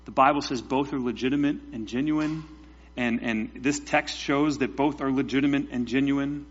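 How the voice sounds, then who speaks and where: A man's voice: mid-range voice, fairly even intonation, normal speed, breathy edge. A man preaching a sermon as pastor, emphatic, with rhetorical questions and repetition. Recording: dull lo-fi sound with mains hum.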